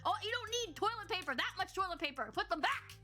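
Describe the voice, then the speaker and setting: A woman's voice: extremely high pitch, animated, fast, music in the background. A young woman co-hosting a podcast, telling exasperated customer service stories in a ranting, casual way. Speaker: podcast co-host. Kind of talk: casual chat.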